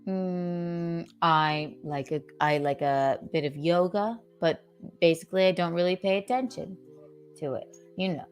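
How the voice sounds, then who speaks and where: Low-ish woman from south carolina hosting a call-in show, fake posh drawl, keeps saying darling. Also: unhurried, faint music behind. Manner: mock-posh transatlantic drawl, calls people darling. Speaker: podcast host. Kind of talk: casual call-in chat.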